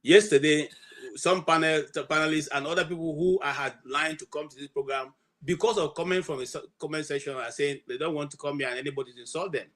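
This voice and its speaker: A man hosting an online panel, firmly pleading with his guests to calm down. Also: a little high, quick pace. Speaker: host and moderator.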